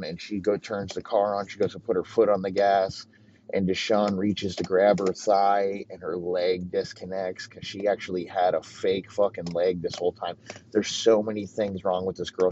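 A man telling a crude, rambling comedic story in a profane, deadpan way. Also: low voice, a little hiss or hum. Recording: dull lo-fi recording.

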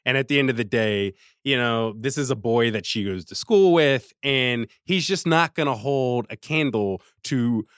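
A man co-hosting a podcast in casual chat, animated and laughing often, recapping episodes on a close mic. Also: mid-range voice, clear, resonant tone, no room sound. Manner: animated, laughing, slips into quick character voices. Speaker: podcast co-host recapping an anime.

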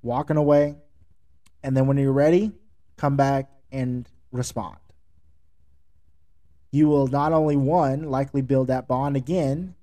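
A man's voice: medium pitch, mellow. A man hosting his own podcast, talking through leadership and emotional intelligence in an earnest, conversational way, often checking in with the listener. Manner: conversational, earnest, with fillers and rhetorical "right?". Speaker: podcast host. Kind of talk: solo motivational talk on leadership.

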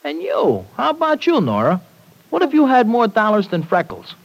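A man's voice: very high-pitched, huge pitch swings, normal speed, creaky, husky, heavily acted, poor audio. A slangy tough young guy. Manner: slangy tough-guy talk, dropped grammar. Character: tough streetwise young working-class man. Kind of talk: 1940s radio acting. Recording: old radio broadcast recording.

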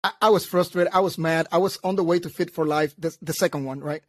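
A man telling a story in casual chat, animated, acting out both sides and laughing at himself. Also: a little high, quick pace.

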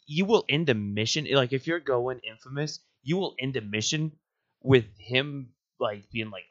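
A man's voice: medium pitch, moderate pace, no room sound, muffled recording. A man co-hosting a gaming podcast in casual chat, laid-back and hesitant. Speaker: podcast co-host.

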